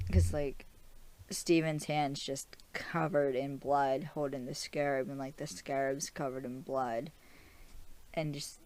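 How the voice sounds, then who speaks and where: A young woman with a low voice talks through a TV episode at an unhurried pace. She rambles casually, fills her speech with fillers and laughs often, like a podcast host chatting with her audience. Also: a little mellow, slight background noise.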